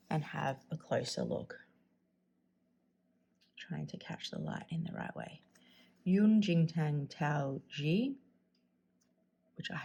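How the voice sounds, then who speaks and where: An Australian woman hosting a casual stationery video, chatty and enthusiastic, often dropping to a soft near-whisper. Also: low-pitched, creaky, husky. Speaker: stationery channel host. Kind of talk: casual chat while swatching inks.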